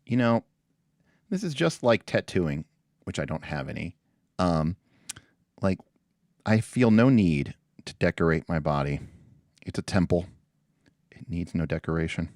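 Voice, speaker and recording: A man's voice: sits low, sing-song, measured pace, pauses often, a little mellow, dry recording, clean studio sound. A man hosting a livestream in casual, rambling chat with a self-deprecating, jokey manner. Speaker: livestream host.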